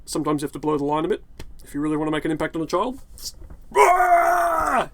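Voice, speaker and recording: A man's voice: on the high side, fairly even intonation, rapid-fire, dry recording, rough recording. A young man rambling and swearing in sardonic commentary while he plays a video game in a hot room. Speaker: gaming YouTuber. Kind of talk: rambling commentary over gameplay. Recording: game music clearly audible behind.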